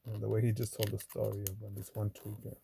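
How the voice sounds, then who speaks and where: A man's voice: lowish voice, completely flat delivery, quick pace, creaky, mellow, a little hiss or hum. A man talking in a loose, meandering way while sorting coins, with lots of fillers and cursing. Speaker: coin roll hunter. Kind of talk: casual rambling vlog talk.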